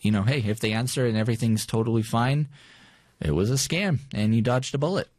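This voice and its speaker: Brisk and slightly mellow, a mid-range male voice belongs to a podcast co-host chatting casually. He rambles, restarting often and leaning on fillers, in a dry, studio-quality recording.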